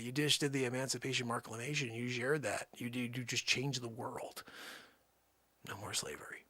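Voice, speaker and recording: A man playing a boastful male time traveler who claims famous past lives, rambling with shouting outbursts. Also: medium pitch, vocal fry, dry recording, clean studio sound, voice pushed down.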